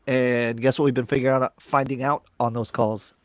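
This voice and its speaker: A man co-hosting a live stream in casual chat, energetic and often acting out customer calls in a raised voice. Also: mid-range voice, normal speed, no echo, clean studio sound. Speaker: co-host.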